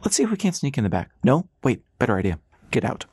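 A man's voice: mid-range voice, wildly swooping pitch, darkish tone, breathy edge, no room sound, clean studio sound, full character voice. A man voicing a brash, playful female pilot who teases and plays matchmaker in an audiobook. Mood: breezy. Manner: teasing, breezy, fast-talking. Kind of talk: audiobook character voice.

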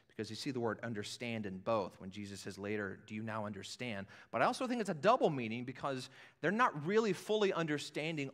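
Animated male pastor, lively church sermon. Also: medium pitch. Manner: animated, acts out scripture scenes, conversational. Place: church sanctuary with balcony. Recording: echoey church hall.

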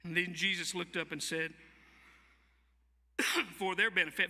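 Bright high-voiced Southern pastor preaching. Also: male voice, level tone, measured pace, long pauses. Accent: Southern American. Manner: storytelling, dramatic voicing of quoted speech. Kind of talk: sermon. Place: church sanctuary. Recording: long church hall reverb.

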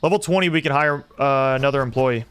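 A young man streaming a simulator game, commenting excitedly and talking to his chat as he plays. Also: mid-range voice, quick pace, clear, resonant tone. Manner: excitable, talks to chat while playing. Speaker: gaming streamer. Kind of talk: live gameplay commentary.

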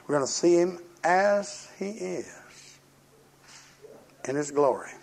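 An older male preacher tells his sermon like a story, folksy and plain-spoken. His voice is husky and slightly raised in pitch. He slips into the voices of the people he talks about. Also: lively intonation, takes it slowly.

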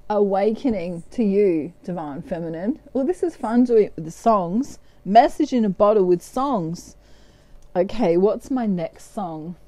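A woman's voice: mid-range voice, warm tone, no room sound. A woman giving a casual tarot reading in a playful way, often slipping into bits of song. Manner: playful, breaks into snatches of song and laughs. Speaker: tarot card reader.

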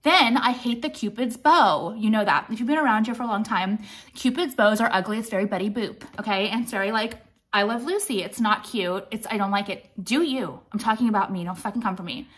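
A woman's voice: medium pitch, a little fast, fairly bright tone. A woman in her late thirties, chatting through a makeup tutorial in a blunt, profane, rambling way, a little out of breath. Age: late 30s. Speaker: beauty vlogger. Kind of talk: casual makeup tutorial chat.

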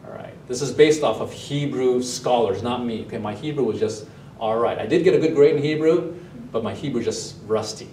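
A male pastor preaching a sermon, animated, asking the congregation and online viewers questions. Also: mid-range voice, fairly quick, slight background noise. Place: church sanctuary, also streamed online. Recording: roomy echo, mic at a distance.

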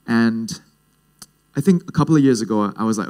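A man's voice: mid-range voice, brisk. A man in his twenties with a Singaporean English accent, telling personal stories in a casual, jokey way at a youth leadership talk. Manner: casual, jokey, lively storytelling. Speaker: speaker at a youth leadership event.

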